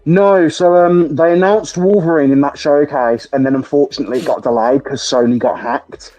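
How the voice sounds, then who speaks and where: A British man hosting a podcast, chatting excitably with lots of laughter and swearing. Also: a little high, normal speed, faint music behind, low-quality recording. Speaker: podcast host. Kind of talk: casual chat.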